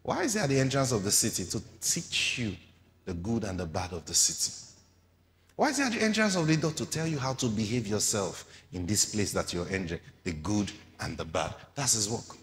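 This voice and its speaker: A man's voice: fairly low pitch, sing-song, a little fast, big-room sound. A man preaching a sermon, reading scripture aloud and explaining it with rhetorical questions to the congregation.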